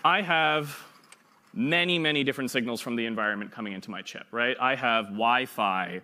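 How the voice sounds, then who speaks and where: A man's voice: mid-range voice, normal speed, sharp tone. A young man giving an informal classroom lecture, chatty and fond of playful analogies, often checking in with "right?". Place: lecture room.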